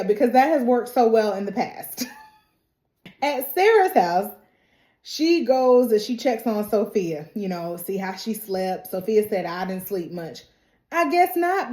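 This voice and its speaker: Sassy, animated woman recapping a show. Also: high-pitched, unhurried, echoey room. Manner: animated, sassy asides, laughs often. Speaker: TV recap host. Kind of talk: casual recap and reaction.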